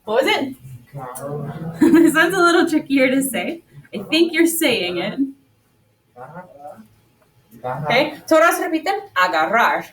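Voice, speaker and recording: A woman's voice: high-pitched, very animated, slow pace, long pauses, recorded from a distance, rough recording. A woman teaching a Spanish class, upbeat and coaxing as she leads the students through repetition drills. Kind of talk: classroom lesson.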